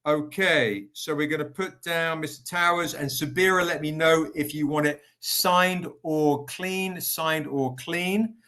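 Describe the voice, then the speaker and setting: A man's voice: on the high side, a little slow, few pauses, bright, forceful tone. A man hosting a casual live stream, chatty and upbeat, greeting viewers by name while selling comic editions. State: recovering, tired.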